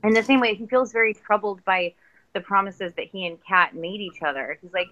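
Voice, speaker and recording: A woman's voice: medium pitch, brisk, sharp tone, dry recording. A woman guest author in a casual podcast interview, talking thoughtfully and searching for words with frequent restarts. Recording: dull lo-fi sound.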